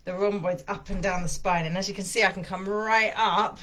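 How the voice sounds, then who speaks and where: A woman leads a casual massage lesson, talking through each move with chatty enthusiasm. She sounds slightly out of breath, her voice sitting at an ordinary middle pitch. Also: fairly even intonation, a little fast, fairly bright tone. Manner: chatty, enthusiastic, thinking aloud with fillers. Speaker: massage and yoga teacher.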